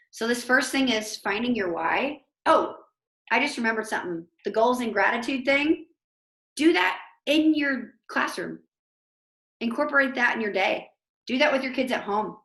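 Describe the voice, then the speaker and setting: A woman teacher giving an informal motivational talk over a video call, chatty and animated, with lots of fillers. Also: on the high side, roomy sound. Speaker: host of an online motivation talk.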